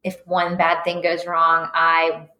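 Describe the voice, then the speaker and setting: A woman's voice: low-pitched, monotone, slow pace, bright, forceful tone. A woman guest in a casual interview, earnest and thoughtful, with many fillers. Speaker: guest, business owner. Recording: echoey room.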